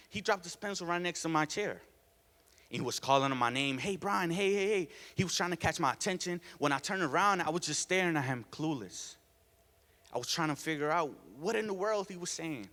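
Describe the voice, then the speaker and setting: Teen guy w doing a school speech, kinda high voice, big echoey hall. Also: lively intonation, a little fast, pushed and bright. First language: Spanish. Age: teens. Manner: earnest, emphatic, laughs between points. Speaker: student speaker. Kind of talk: prepared student talk. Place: school auditorium. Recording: long reverb of a hall.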